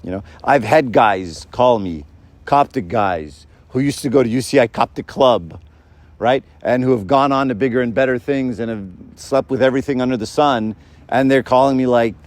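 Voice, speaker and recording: Middle-aged male speaker, casual faith talk, keeps checking in with "right?", acts out quotes, mid pitch. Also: moderate pace, a little mellow. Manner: conversational, keeps asking "right?".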